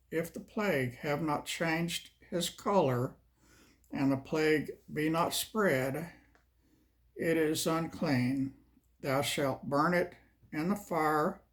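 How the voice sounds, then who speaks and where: A man reading scripture slowly and measuredly, then chatting casually as host. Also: on the high side. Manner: slow, measured delivery. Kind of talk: Bible reading and casual chat.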